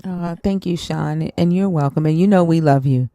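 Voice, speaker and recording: A woman's voice: low voice, moderate pace, mellow, no echo, clean studio sound. A woman hosting a live stream, laid-back and chatty, swearing and laughing often. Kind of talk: casual chat.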